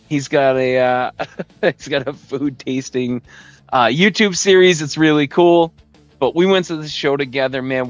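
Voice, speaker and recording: A man's voice: medium pitch, dry recording, dull audio. A man hosting his own podcast, telling stories in a rambling, casual way and chuckling often. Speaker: podcast host. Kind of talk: casual live-stream storytelling.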